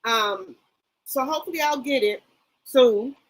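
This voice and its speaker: A woman's voice: high voice, a little slow, poor audio. Woman, middle-aged, livestream host: casual gossip chat, greets everyone by name, rambly with fillers. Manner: chatty, greets viewers by name, trails off with fillers. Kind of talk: casual live chat reading viewer comments.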